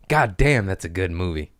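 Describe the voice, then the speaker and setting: A man with a lowish voice rants on a podcast into a studio mic. He talks in a loud, rambling, profane way and often laughs at his own jokes. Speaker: podcast host. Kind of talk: casual profane podcast rant.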